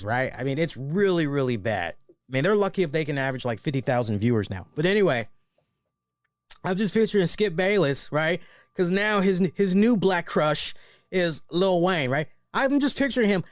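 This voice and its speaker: A man's voice: a little high, normal speed, no room sound. A man hosting a wrestling review show, talking casually and animatedly, joking and tagging his points with "right?". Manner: animated and joking, often tags lines with "right?".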